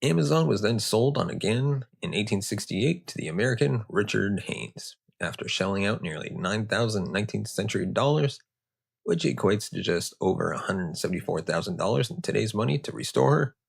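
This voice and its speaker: A man's voice: lowish voice, expressive, moderate pace, creaky, breathy edge. A man hosting a history show, narrating with joking, conversational asides. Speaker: host.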